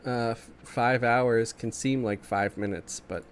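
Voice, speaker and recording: A man's voice: medium pitch, fairly even intonation, slow, a little hiss or hum. A man with a stuffy, congested morning voice, casually chatting with viewers while streaming a game and reading chat aloud. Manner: laid-back, chuckling, reads chat aloud.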